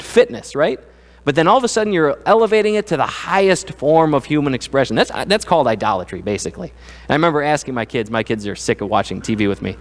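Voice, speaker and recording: Middle-aged male pastor, slightly high voice, casual animated preaching, reverberant church sound. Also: fast. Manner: conversational, animated, acts out quoted voices. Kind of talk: sermon. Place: church sanctuary. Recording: church sanctuary with long reverb.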